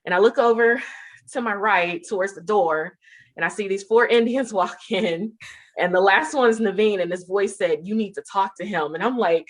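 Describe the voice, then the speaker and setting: Woman, storytelling interview guest, animated, laughing, mid-pitched voice. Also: normal speed.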